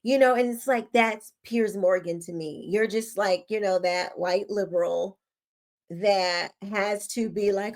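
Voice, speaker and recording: Woman host doing a sassy rambly commentary, lots of "like" and "you know", normal pitch. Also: a little slow, a little mellow. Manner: chatty, sassy, rambling with fillers. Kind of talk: casual opinion commentary.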